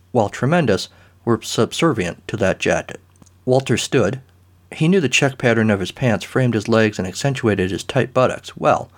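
A male narrator reading a comic story in a dry, deadpan way, his voice sitting at a middling pitch. The delivery stays scripted and even.

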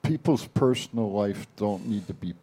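A man's voice: fairly low pitch, normal speed, warm tone, slightly rough. An older man on a wrestling chat podcast, talking in a blunt, folksy, emphatic way. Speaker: panelist nicknamed Chief.

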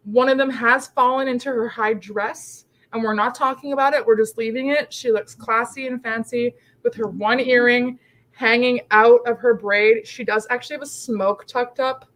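A woman with a fairly high voice chats animatedly as a podcast guest. She talks in quick, excitable bursts. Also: rough recording. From Canada. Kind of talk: casual chat.

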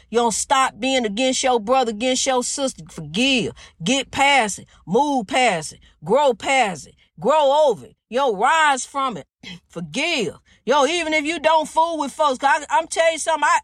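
A woman with a high voice preaches to her podcast listeners, repeating herself and calling everyone honey. The sound is dry and close, with no room around it. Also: no echo. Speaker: podcast host. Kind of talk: preachy monologue.

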